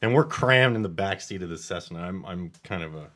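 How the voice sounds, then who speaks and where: A man's voice: low-pitched, lively intonation, fairly quick, a bit bright. A man telling a story in casual podcast chat, swearing freely and getting worked up. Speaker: podcast guest.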